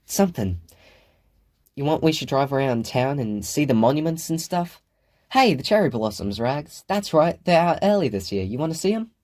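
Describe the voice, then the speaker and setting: A man's voice: fairly high pitch, big pitch swings, normal speed, voice pushed up. A man voicing an affectionate, fretful mother who coaxes her daughter. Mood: coaxing. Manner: warm, coaxing, fretful talk.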